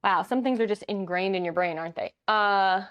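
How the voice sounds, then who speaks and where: A woman's voice: medium pitch, normal speed, fairly bright tone, clear, resonant tone. A woman chatting casually and giggling with her live chat as she plays a board game.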